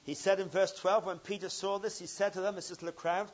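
A man preaching a sermon, telling a story with swings from loud emphasis to quiet intensity. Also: high-pitched, fairly even intonation, brisk, lo-fi sound.

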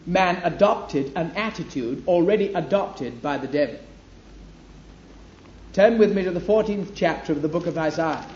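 A man preaching a sermon with an emphatic, declaiming delivery. His voice sits high for a man. The recording is echoey and dull, with faint room ambience behind him. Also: animated, moderate pace, slight background noise. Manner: emphatic, rising to loud declamation on scripture.

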